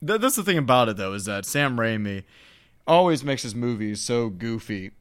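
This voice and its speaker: A man's voice: medium pitch, very animated, moderate pace, fairly bright tone, clear, resonant tone. A young man co-hosting a podcast, chatting casually about films in a rambling way with lots of fillers. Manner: rambling, many "like" fillers, chuckling. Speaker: podcast co-host.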